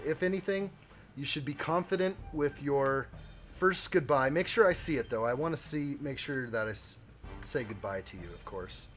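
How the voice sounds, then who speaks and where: A man hosting a live stream, chatting casually with viewers while he builds a model kit. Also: fairly high pitch.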